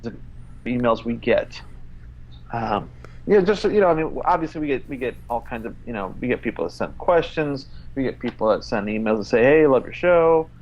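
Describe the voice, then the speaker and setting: A man's voice: mid-range voice, lively intonation. A man co-hosts a casual podcast, reading aloud with weary exasperation and plenty of swearing. He halts and restarts, with lots of fillers. The recording is dull and lo-fi. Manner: exasperated, profane, halting with fillers. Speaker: podcast co-host.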